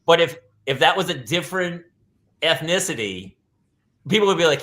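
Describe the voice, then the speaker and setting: A male podcast host in loose casual chat. He talks emphatically and repeats himself to drive points home. His voice is bright and forceful. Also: fairly high pitch, very animated, fairly quick.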